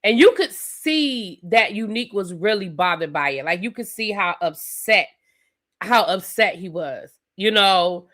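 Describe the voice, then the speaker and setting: A woman hosting a live TV review stream, recapping an episode in a chatty, animated way with lots of fillers and asides. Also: medium pitch, measured pace. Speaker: TV review channel host.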